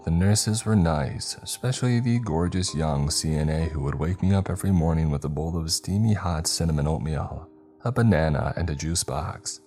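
A man narrating a scary story in a measured, dramatic scripted reading. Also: very deep voice, a little mellow. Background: faint music.

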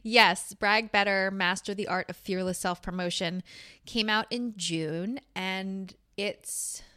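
Author guest woman, measured and reflective. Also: mid-range voice, steady tone, pushed and bright, clear, resonant tone, no room sound, clean studio sound. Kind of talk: podcast interview.

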